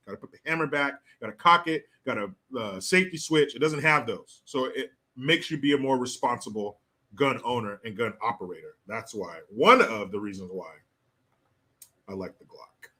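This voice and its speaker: A man's voice: mid-range voice, lively intonation, normal speed, pushed and bright. A man hosting a political commentary show, ranting in a profane, sarcastic way. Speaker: host.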